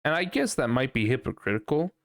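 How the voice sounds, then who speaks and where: Male podcast host, gravelly voice, dry close sound, loose, profane, rambling solo chat. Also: medium pitch, sing-song, fairly quick, fairly bright tone, no room sound. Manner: rambling, profane, unsure musing. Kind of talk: casual solo podcast monologue.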